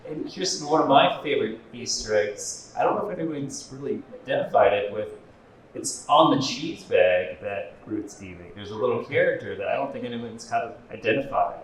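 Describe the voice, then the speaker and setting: Man, middle pitch, moderator voice, echoing far-off hall. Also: lively intonation, moderate pace, a crowd in the background. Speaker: panel moderator. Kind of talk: convention panel talk. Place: large convention hall.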